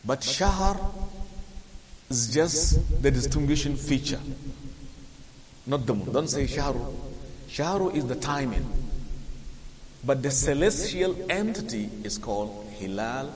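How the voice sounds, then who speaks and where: A man's voice: mid-range voice, expressive, a crowd in the background. Man teaching Quran verses in a reverberant hall. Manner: explains slowly, quizzes listeners, chants Arabic verses. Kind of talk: Quran and Arabic grammar lesson. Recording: hissy recording with long reverb.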